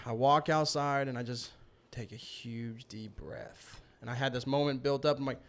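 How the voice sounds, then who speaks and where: A man recounting a personal story in casual conversation, animated and acting out quoted lines with bursts of laughter. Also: mid-range voice, moderate pace. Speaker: guest.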